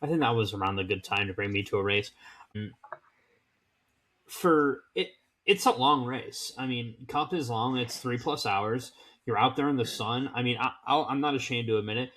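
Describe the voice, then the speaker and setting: 20-something guy on a podcast, crisp bright voice, laid back, cracks jokes. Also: mid-range voice, lively intonation, normal speed. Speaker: podcast co-host. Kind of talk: casual chat.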